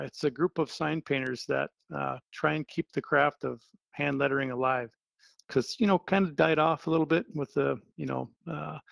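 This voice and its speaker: A middle-aged man from Wisconsin answering interview questions in a loose, rambling way, full of fillers and restarts. His voice is heavily gravelly with constant vocal fry. The sound is dry and close, with no room around it. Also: medium pitch, dry recording. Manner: relaxed, rambling with many fillers. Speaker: interview guest, sign painter. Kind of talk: casual phone-style interview.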